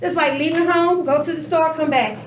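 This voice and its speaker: Here a woman teaches math in a high, steady voice at a moderate pace, drawing out words and questioning her students. A faint hiss or hum runs underneath. Recorded by a camera across an echoey room, she sounds far away.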